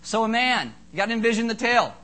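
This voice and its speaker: A man preaching to a congregation in a lively, joking way, telling a ghost tale before his sermon. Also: very high voice, fast talker. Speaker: pastor. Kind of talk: sermon with a told ghost story. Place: church hall with a congregation.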